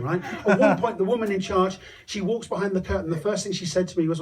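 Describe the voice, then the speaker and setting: Man, stand-up comedian, higher voice, crude swearing storyteller, distant mic, loud crowd laughing outdoors. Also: fast talker. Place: outdoors, standing on a hot tub.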